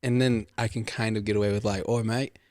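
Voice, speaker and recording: A man's voice: fairly low pitch, fast, dry recording, clean studio sound. A man in casual chat, telling loose stories and laughing often. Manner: relaxed, rambling storyteller, laughs often.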